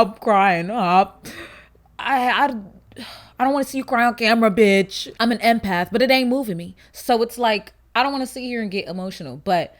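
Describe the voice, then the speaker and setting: Chatty slangy young woman vlogger. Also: medium pitch. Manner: chatty, animated, slangy, rambling asides. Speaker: YouTuber. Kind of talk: casual chat to camera.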